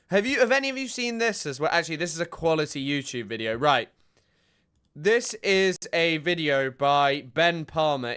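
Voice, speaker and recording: A man's voice: fairly high pitch, a bit bright, clear, resonant tone. A man casually commenting on news clips as a streamer, chatty and loose with many fillers.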